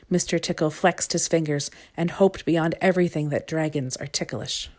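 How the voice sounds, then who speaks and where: A woman reading a children's storybook aloud in a calm, measured way. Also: deep voice. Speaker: storybook reader.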